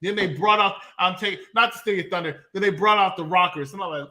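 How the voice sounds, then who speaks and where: Male co-host, somewhat high, bright voice, sarcastic review banter. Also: expressive, brisk, hardly any pauses. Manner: mocking, does exaggerated quoted voices. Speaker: podcast co-host. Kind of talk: casual wrestling review chat.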